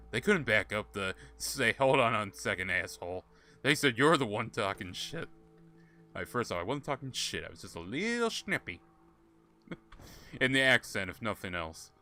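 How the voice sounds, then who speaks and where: This man's voice is medium-pitched and sharp as he streams a game and chats casually with his audience. He's a laughing storyteller whose tales wander and are full of profanity.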